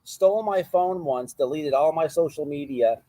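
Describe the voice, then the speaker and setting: A man's voice: on the high side, normal speed, dark tone, no room sound. A man chiming in on a casual chat with short, blunt, profane remarks.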